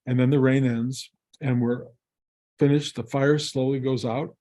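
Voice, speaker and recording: A man's voice: medium pitch, little pitch movement, moderate pace, warm tone. A man, a spiritual teacher, telling a story to his community in a reflective, conversational way with wry, self-mocking humor.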